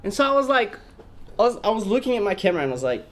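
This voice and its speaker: A man's voice: high-pitched, racing, slight background noise. A man hosting a podcast, telling a story in casual chat, laughing and acting out the people he quotes. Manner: animated, laughing, acts out quoted voices. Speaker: podcast host.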